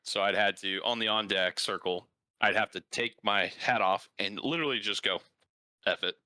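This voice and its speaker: Guy hosting a coaching podcast, deep-ish and punchy, super dry mic, says like a lot. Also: normal speed, clean tone, no room sound. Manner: animated storyteller, frequent "like" fillers. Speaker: podcast host and baseball coach. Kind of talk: casual conversational interview.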